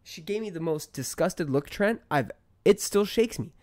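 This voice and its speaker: A man's voice: expressive, normal speed. Worked-up swearing man telling a story. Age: 30s. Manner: heated storytelling, swearing, rising pitch when worked up. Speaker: podcast guest. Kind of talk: casual podcast chat.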